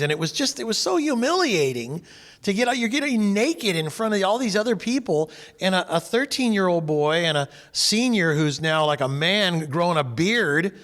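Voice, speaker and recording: A man from California leads a faith discussion group and tells a story from his own life. His voice sits a little high, and he gives each person in the story their own voice. The sound carries a long, hall-like reverb. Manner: animated, acts out quoted people.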